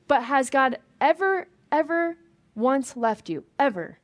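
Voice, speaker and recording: A woman's voice: high-pitched, lively intonation, unhurried. Conversational woman preaching a sermon. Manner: conversational, emphatic, many restarts and asides. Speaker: pastor.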